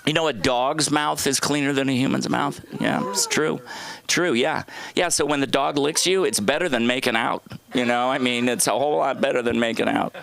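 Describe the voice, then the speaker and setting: A stand-up comedian at an open mic on a comedy club stage rambles through stories full of asides and restarts, constantly interrupting himself. His medium-pitched voice is fairly bright, with some vocal fry, and his pace is moderate.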